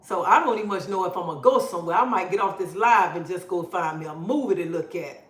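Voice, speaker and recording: A woman's voice: fairly low pitch, fast, echoey room. Fiery woman ranting on a phone livestream. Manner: preachy, blunt, fiery. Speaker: livestream host. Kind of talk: impassioned livestream rant.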